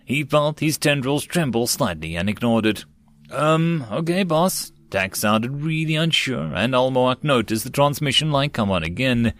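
A man narrating a web novel as an audiobook, in a steady storytelling read. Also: medium pitch, normal speed, few pauses, dry recording.

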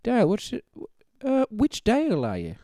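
A podcast co-host in playful, deadpan banter during an improvised radio-call comedy bit. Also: mid-range voice, normal speed, dry recording, clean studio sound.

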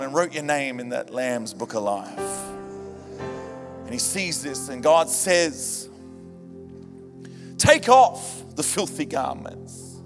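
A man preaching a sermon to a church, animated and humorous, rising to shouts at times. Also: mid-range voice. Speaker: pastor. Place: church hall. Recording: reverberant church hall with music. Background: band music.

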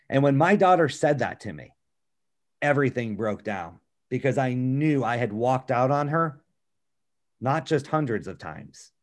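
A middle-aged man giving a motivational talk on a call, earnest and storytelling, often checking in with "okay" and "right?". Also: mid-range voice. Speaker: business speaker on a call.

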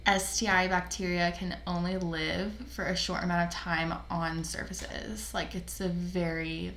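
Chatty young woman, bright voice in an echoey room. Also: on the low side, little pitch movement, unhurried. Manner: giggly, chatty, lots of filler words. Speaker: podcast co-host. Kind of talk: casual chat. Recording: echoey room with faint background noise.

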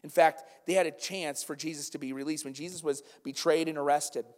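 Guy preaching in a big echoey church, highish voice, goes loud then real quiet. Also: fairly even intonation, fairly quick. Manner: swings from loud urgent preaching to hushed intensity. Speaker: pastor. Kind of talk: sermon. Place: church sanctuary. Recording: long church reverb with faint music.

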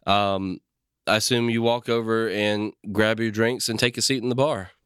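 A man's voice: lowish voice, fairly even intonation, moderate pace, fairly bright tone, clear, resonant tone, no room sound, clean studio sound. Laid-back man running the game. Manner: laid-back, swearing, laughing. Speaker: game master. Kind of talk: narrating a tabletop game.

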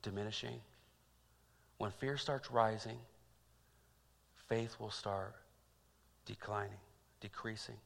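A man preaching a sermon as pastor, dropping to quiet reflection and rising to loud, repeated calls. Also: fairly low pitch, steady tone, takes it slowly, vocal fry, long pauses, in a large hall. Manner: swings from hushed to loud and emphatic; repeats phrases for emphasis.

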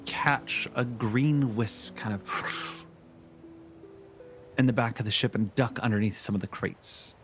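A man's voice: mid-range voice, takes it slowly, pauses often, faint music behind. Man narrating as game master. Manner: descriptive, with many "kind of" fillers.

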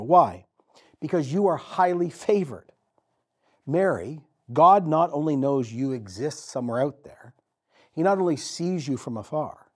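A man preaching a sermon as pastor, telling the story vividly with dramatic pauses and repetition. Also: fairly high pitch, lively intonation, a little mellow, slightly rough.

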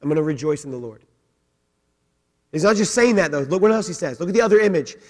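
A middle-aged male pastor preaching from the pulpit, his voice pitched on the high side. He drops to a hushed, intimate tone for personal stories and then climbs into loud, emphatic exhortation, asking the congregation questions along the way. The sound carries a long reverb from a large church sanctuary. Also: animated, quick pace. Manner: swings from quiet storytelling to rising, emphatic preaching; asks the congregation direct questions. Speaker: senior pastor. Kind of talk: sermon.

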